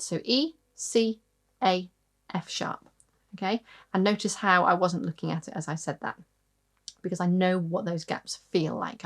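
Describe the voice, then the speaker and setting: A woman giving an online harp lesson, patient, counting aloud and singing out rhythms as she explains. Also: lowish voice. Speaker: harp teacher. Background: harp playing.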